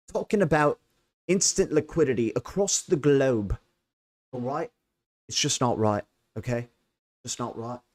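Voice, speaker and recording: An American man putting on an exaggerated British accent, playing a grumbling, slangy bloke. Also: medium pitch. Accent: put-on British accent.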